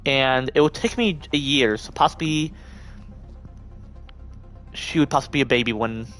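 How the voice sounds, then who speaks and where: A man's voice: mid-range voice, moderate pace, a bit bright, faint music behind. A man live-streaming a video game, talking to himself and swearing in frustration. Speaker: gaming streamer. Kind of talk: casual live-stream commentary.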